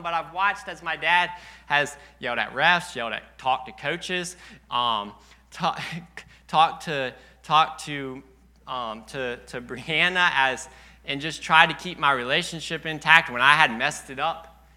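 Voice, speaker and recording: A man's voice: fairly high pitch, measured pace, pushed and bright. A young man preaching a sermon in a church, telling earnest personal stories, at times choked up.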